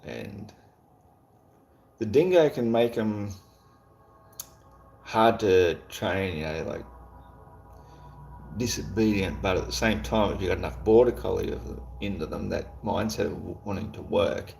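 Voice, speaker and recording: Aussie streamer, male, laid-back rambler, deep gravelly voice, light swearing. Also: measured pace, long pauses, a little mellow, slight background noise. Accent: Australian. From Australia. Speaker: livestream host. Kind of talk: casual chat while reading viewer comments.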